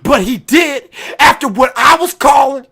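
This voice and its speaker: High-voiced, excitable man ranting. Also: measured pace, gravelly. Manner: excitable, profane, shouting and laughing. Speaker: video host. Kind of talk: excited casual rant.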